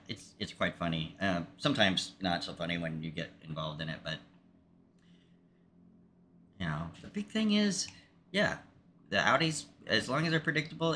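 A man streaming a racing game, chatting casually with halting, rambling restarts and a joking manner. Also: fairly low pitch, sharp tone, a little hiss or hum. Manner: jokey, talks to himself and chat. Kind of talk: casual gameplay commentary.

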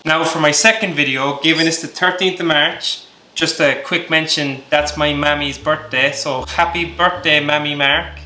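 A man's voice: fairly high pitch, fairly even intonation, moderate pace, sharp tone. An Irish man from Ireland hosting his vlog, rambling and joking in a self-mocking way. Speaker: vlogger host. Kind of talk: casual comedic vlog monologue. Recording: echoey room, faint music.

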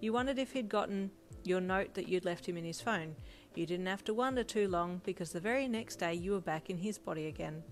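A woman reading a second-person fanfiction story aloud in a steady, plain storytelling voice. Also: on the low side, fairly quick, faint music behind. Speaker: fanfiction reader. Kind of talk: second-person audiobook narration.

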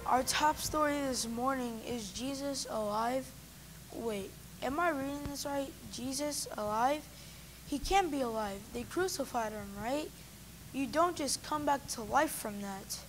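Lady doing a skeptical news anchor, high voice, keeps doubting everything, church skit. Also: unhurried, a little hiss or hum, rough recording. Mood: incredulous. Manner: doubtful, exasperated.

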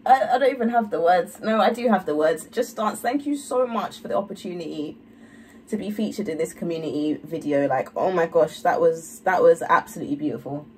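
A woman's voice: fairly low pitch, a little fast, darkish tone, recorded from a distance, a little hiss or hum, rough recording. A young woman, gushing effusively in a casual reaction vlog. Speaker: YouTuber.

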